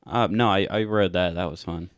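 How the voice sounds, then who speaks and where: Low-voiced young man rambling casually. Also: steady tone, normal speed, no room sound, clean studio sound. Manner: rambling, heavy use of "like" fillers. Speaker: podcast co-host. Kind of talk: casual chat.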